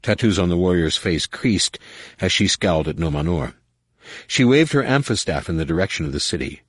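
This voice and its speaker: A man reading a novel aloud as an audiobook narrator, with measured, expressive delivery. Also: low-pitched, dry recording, clean studio sound. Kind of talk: scripted narration.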